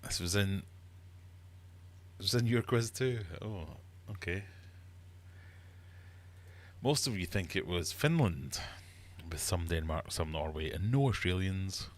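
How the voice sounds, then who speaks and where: Brief: male livestream quizmaster, lowish voice, playful and teasing, fish room. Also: expressive, takes it slowly, long pauses. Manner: playful, teasing, mock-uppity. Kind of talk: live-streamed quiz chat.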